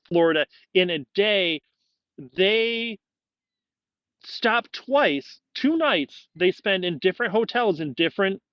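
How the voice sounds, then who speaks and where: A high-pitched man rambles through a spoken movie review, exasperated and full of restarts. The recording is dry and slightly dull, with no room sound. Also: fairly bright tone, no echo.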